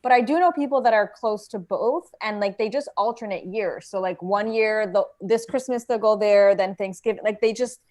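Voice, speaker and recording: A woman's voice: mid-range voice, moderate pace, hardly any pauses, darkish tone. A woman guest on a comedy podcast, telling a rambling story with lots of "like". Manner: rambling anecdotes full of "like". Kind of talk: casual comedy chat.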